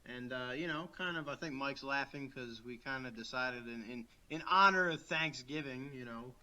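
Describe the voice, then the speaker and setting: A man's voice: mid-range voice, normal speed, sharp tone. A man co-hosting a podcast, chatting casually and laughing often while recording remotely from home. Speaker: podcast co-host. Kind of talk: casual chat.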